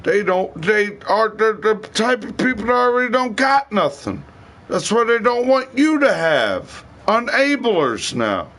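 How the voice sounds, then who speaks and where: A man's voice: high voice, very animated, measured pace, a bit bright. A man livestreaming a rambling, profane rant in heavy slang.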